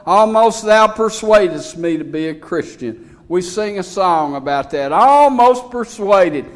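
Slow, high-voiced folksy preacher man. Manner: folksy, emphatic preaching with scripture readings. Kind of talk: sermon.

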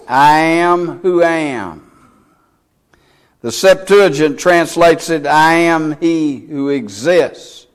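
A man preaching a sermon, reading scripture in old King James wording with slow, deliberate emphasis. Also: a little high. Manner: reads scripture aloud in King James English.

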